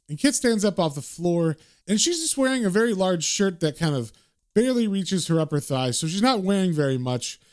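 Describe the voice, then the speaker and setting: A man with a fairly high voice recaps a comic book in casual, chatty narration. He tells the story in a relaxed, conversational way, as if talking to friends. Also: a little fast.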